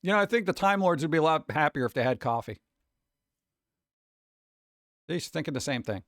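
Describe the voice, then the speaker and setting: A man's voice: fairly high pitch, animated, moderate pace, no room sound, studio quality. A man chatting casually with viewers on a live stream, rambling, humming and scatting to himself, his throat a little sore.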